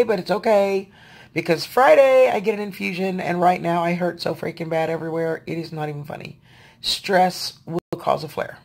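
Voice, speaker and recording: A woman's voice: fairly low pitch, moderate pace, gravelly, a little mellow. A woman, venting to her viewers in a casual video diary, sounding tired and frustrated. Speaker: vlogger.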